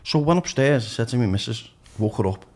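A Liverpool-born DJ and radio presenter tells frank stories as a podcast guest, swearing freely and restarting sentences in candid conversation. His medium-pitched voice is animated, quick, and a little mellow.

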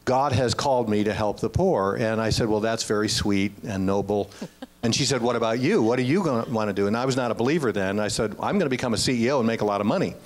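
A man's voice: lowish voice, quick pace. A man in his sixties, a guest telling a personal faith story in an earnest, anecdotal way. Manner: earnest, anecdotal, with quoted dialogue. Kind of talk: casual storytelling.

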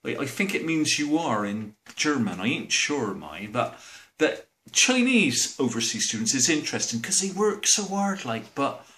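A man with a Bristol accent giving a rambling, deadpan comic monologue as a mock professor, using broad dialect grammar. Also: mid-range voice, normal speed.

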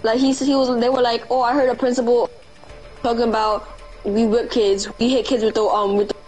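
A woman streamer chatting while gaming, telling an animated childhood story full of slang and swearing. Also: on the high side, fairly quick, over music, rough recording. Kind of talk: casual chat while gaming.

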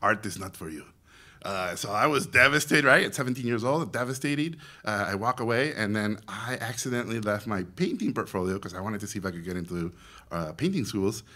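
A man in his forties with a Mexican accent gives an animated storytelling talk to students. His voice is bright and forward, with a ringing edge. He slips into the voices of the people in his stories. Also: fairly low pitch, a little fast. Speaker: guest speaker, animation director.

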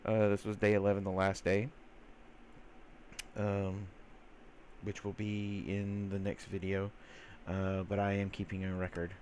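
A man's voice: lowish voice, monotone, a little slow, darkish tone, a little hiss or hum. A man giving casual, rambling gameplay commentary, full of fillers, who sometimes coos teasingly at the creatures in his game. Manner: rambling, chatty, filler-heavy; teasing baby-talk to game mobs. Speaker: gamer.

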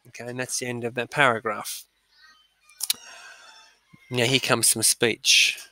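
A man's voice: mid-range voice, flat delivery, fairly quick, bright, forceful tone, no room sound. A man teaching a dictation lesson to pupils, upbeat and chatty, with frequent ums between his instructions. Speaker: primary school teacher. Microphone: recorded audio, speaker not seen.

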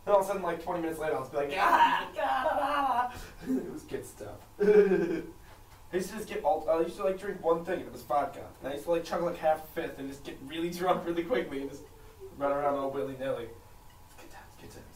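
A young man chatting while drinking, giggly and animated as he tells stories. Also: fairly high pitch, quick pace. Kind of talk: casual drinking chat. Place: outdoors near bikes. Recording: distant camera, echoey, loud background noise.

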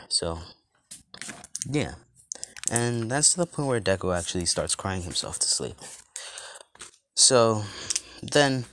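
Low-voiced man rambling through a story. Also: a bit bright, slight background noise. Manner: rambling, many fillers and restarts. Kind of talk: casual fan-story retelling.

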